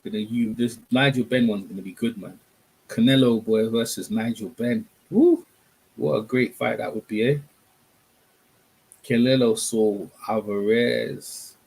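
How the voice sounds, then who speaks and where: A man's voice: lowish voice, fairly even intonation, normal speed, gravelly, a little mellow, husky. A man hosting a casual boxing live stream, rambling and chatting with his viewers. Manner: rambling, chatty, talks to viewers, self-corrections.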